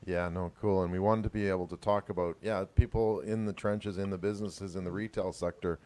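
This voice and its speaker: A man's voice: low-pitched, fairly even intonation, a little fast, warm tone. A man with a Canadian accent hosting a livestream talk show, reading upbeat introductions before chatting with his guests. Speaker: host.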